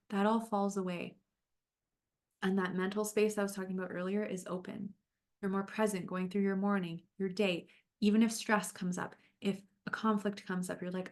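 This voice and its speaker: A woman's voice: medium pitch, little pitch movement, fairly quick. Upbeat woman health coach, encouraging. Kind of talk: livestream sales talk and guided visualization.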